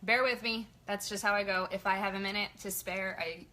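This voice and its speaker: A woman leading a casual motivational team training, chatty and energetic in her pep talk. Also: mid-range voice, a little fast. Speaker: sales team leader.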